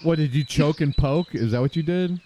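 A man hosting a casual podcast chat, swearing freely and quizzing his guest with excitement. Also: on the high side, a little fast, slight background noise. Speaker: podcast host.

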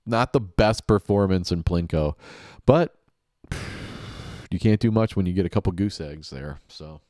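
Low-voiced joking podcast man. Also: unhurried, mellow, dry recording, studio quality. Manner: joking, sarcastic, chuckles often. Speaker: podcast host. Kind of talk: play-by-play commentary of a TV game show.

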